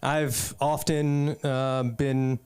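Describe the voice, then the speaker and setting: Drawing out his words in a flat, slightly mellow mid-range voice, a stand-up comedian from the US East Coast takes the open-mic stage at a comedy club. His set is a loose ramble stuffed with fillers and asides.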